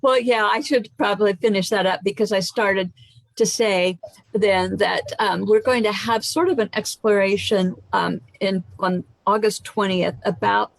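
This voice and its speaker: A woman's voice: medium pitch, fairly even intonation, normal speed, creaky, no echo, low-quality recording. An American woman hosting a casual group chat who tells stories with animation and acts out other people's voices. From United States.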